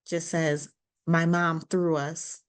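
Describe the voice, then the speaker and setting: A woman co-hosting a podcast, retelling a movie's scenes in a casual, animated way, full of "like" and acted-out quotes. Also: deep voice, slow. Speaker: podcast co-host. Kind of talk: casual movie recap chat.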